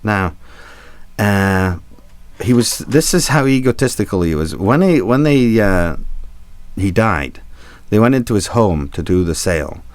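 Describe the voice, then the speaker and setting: A man's voice: fairly low pitch, sing-song, a little slow, pauses often, dry recording. Rambling, chuckling male ship captain storyteller. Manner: rambling, chuckling, swearing for laughs. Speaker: cruise ship captain telling stories. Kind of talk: comic storytelling.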